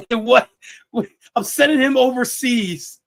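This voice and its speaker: Young man, high-pitched, sports show host, joking, repeats himself. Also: takes it slowly, vocal fry. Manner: joking, laughs at own jokes, repeats words. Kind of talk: casual sports talk show.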